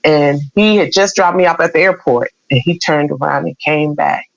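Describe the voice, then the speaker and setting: A woman's voice: low voice, moderate pace, gravelly. A woman guest on an interview show, telling a personal story in a candid, conversational way. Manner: candid, conversational, with many quoted exchanges. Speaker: radio program director, podcast guest. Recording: dull, dry sound.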